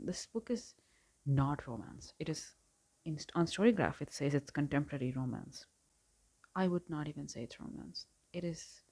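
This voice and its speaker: A woman's voice: low voice, a little mellow, breathy edge. A woman casually ranting in a book review vlog, exasperated, with laughing asides and whispered remarks. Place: home filming setup.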